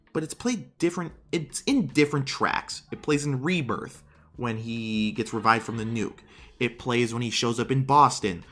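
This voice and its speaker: A man in his twenties streaming, giving casual commentary in an animated, exasperated rant with some swearing. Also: mid-range voice. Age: 20s.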